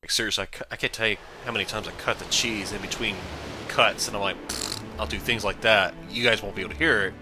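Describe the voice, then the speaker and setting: A man with a lowish voice talks his way through a video game in loose, rambling commentary, full of goofy, self-mocking asides. Game music plays clearly behind him the whole time. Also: fairly even intonation, fast talker. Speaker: let's play host.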